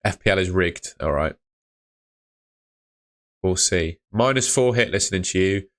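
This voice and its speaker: Low-voiced laid-back man streaming. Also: a little slow. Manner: laid-back, chatty, reads viewer messages aloud. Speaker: fantasy football streamer. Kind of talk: casual live-stream chat reading comments.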